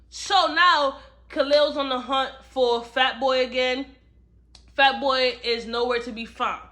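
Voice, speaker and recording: Bright, animated woman retelling a novel. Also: sits high, measured pace. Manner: animated storytelling, acts out characters' lines. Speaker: book reviewer. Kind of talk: casual book review recap.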